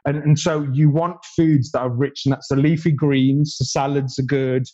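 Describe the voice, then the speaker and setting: A man's voice: mid-range voice, fairly even intonation, normal speed, warm tone, lo-fi sound. A man talking as a guest chef in a casual podcast chat, explaining gut health with enthusiasm and laughing easily.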